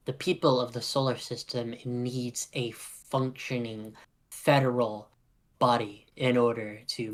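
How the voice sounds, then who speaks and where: An earnest young woman officer addresses the press in a tabletop role-play game, voiced by a man. She speaks in measured, deliberate phrases. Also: medium pitch, natural voice.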